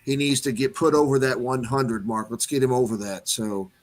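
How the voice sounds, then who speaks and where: A man in a casual group chat talking quickly and informally, with frequent fillers and restarts. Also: medium pitch, fairly even intonation. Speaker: open mic participant.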